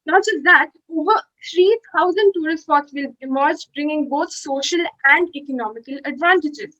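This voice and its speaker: A woman's voice: high-pitched, moderate pace, fairly bright tone. A teenage girl giving a rhetorical school debate speech, addressing the audience directly. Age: teens. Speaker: school debater speaking for the motion. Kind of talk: formal competitive debate speech. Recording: dull lo-fi call audio.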